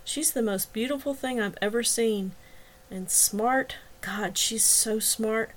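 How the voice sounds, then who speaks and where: A man's voice: high voice, slow, a bit bright. Woman doing Joe, a lovesick deaf young man. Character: lovesick deaf young man, self-pitying, a bit drunk.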